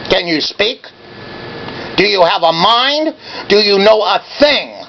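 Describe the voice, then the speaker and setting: A man's voice: high voice, very animated, takes it slowly, vocal fry, pushed and bright, a little hiss or hum, low-quality recording. A man in his seventies calling an office and berating the person on the line, confrontational and badgering. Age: 70s. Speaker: caller. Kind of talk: angry phone call.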